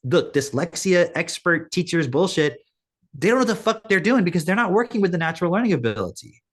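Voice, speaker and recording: A man's voice: sits high, big pitch swings, fast talker, a bit bright. A man co-hosting a podcast in casual chat, talking bluntly, ranting and swearing freely. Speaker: podcast co-host.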